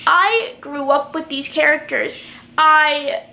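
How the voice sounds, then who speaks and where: Bright-voiced young woman vlogging. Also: high-pitched, takes it slowly, creaky. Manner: rambling, filler-heavy, emotional. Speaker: show review vlogger. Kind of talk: casual emotional review chat.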